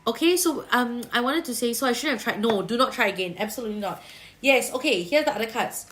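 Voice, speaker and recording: A Singaporean woman doing a livestream tarot reading, talking in a chatty, colloquial way sprinkled with Singlish particles. Her voice sits a little high, and she reassures the viewer like a big sister giving advice. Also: animated, fast, a bit bright, soft background music. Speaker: tarot reader.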